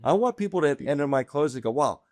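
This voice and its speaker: A middle-aged man appearing as a guest on a podcast, telling animated anecdotes and laughing often as he goes. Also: fairly high pitch, very fast, dry recording. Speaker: guest real estate agent. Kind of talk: casual podcast storytelling. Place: indoor podcast room.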